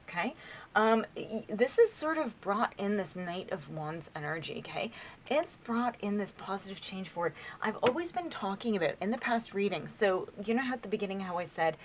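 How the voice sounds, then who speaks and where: A woman in her forties doing a casual tarot reading to camera, chatty and excitable, rambling with asides to her viewers. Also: mid-range voice, moderate pace, slight background noise. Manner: chatty and excitable, laughs often, gushes over cards. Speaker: tarot reader.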